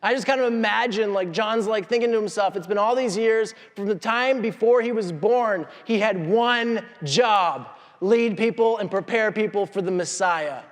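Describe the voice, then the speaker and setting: A man preaching a sermon as a pastor, telling the story with animated asides and acted-out voices. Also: sits high, moderate pace, few pauses, in a large hall. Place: church hall.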